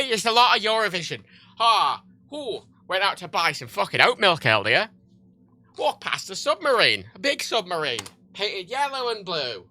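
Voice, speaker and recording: Sharp-voiced, profane streamer rambling animatedly. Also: male voice, high-pitched, wildly swooping pitch, normal speed. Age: 30s. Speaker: livestreamer. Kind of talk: casual livestream chat while gaming.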